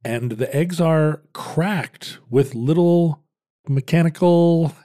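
A man in his fifties co-hosting a casual podcast, explaining at length in halting restarts with wry asides. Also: a little high, warm tone. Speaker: podcast co-host.

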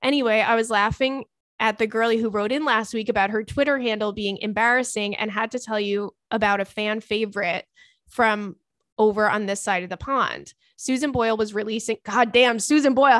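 A young woman hosts a casual podcast, reading listener notes and reacting with profane, animated asides. Her voice sits fairly high. The sound is dry and close to the mic. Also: a little fast, no echo. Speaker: podcast host. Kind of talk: casual comedic chat reading listener messages.

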